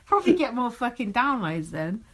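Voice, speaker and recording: A woman's voice: on the high side, big pitch swings, moderate pace. A woman co-hosting a podcast in casual chat, dry, sarcastic and sweary. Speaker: podcast co-host.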